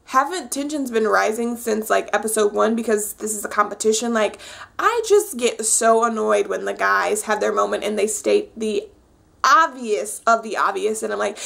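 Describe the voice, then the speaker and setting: A young woman casually recapping a reality dating show for her viewers, chatty and animated, with lots of fillers. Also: mid-range voice, moderate pace, gravelly. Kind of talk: casual chat.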